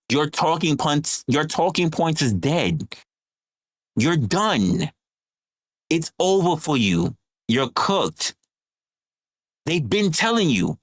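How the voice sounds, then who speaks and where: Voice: medium pitch, no echo, clean studio sound. A livestream host scolding a viewer in a profane, repetitive, heated rant.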